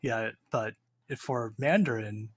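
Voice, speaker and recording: A man on a voice call, patiently explaining language tones with a halting, filler-filled manner. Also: medium pitch, husky. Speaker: friend on a voice call. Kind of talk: casual explaining.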